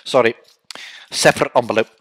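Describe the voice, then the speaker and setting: A man's voice: medium pitch, brisk, fairly bright tone, no echo, studio quality. Chatty man on a live stream. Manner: chatty, joking, rambling. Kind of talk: casual live-stream chat.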